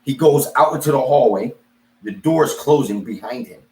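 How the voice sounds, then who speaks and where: Animated man telling a story, echoey room. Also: mid-range voice, moderate pace. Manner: animated, acts out both sides with quoted voices. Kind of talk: casual storytelling.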